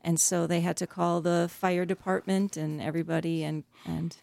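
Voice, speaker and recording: Middle-aged woman on a radio call-in, gravelly voice, dry mic, earnest storytelling. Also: lowish voice, little pitch movement, normal speed, no room sound. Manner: warm, earnest storytelling with hesitations. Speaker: radio guest, author. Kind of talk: radio interview.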